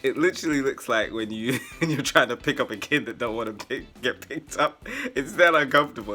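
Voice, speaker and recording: A man telling a rambling personal story in a casual, animated way, with sarcastic asides. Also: mid-range voice, a little fast, faint music behind. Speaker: vlogger.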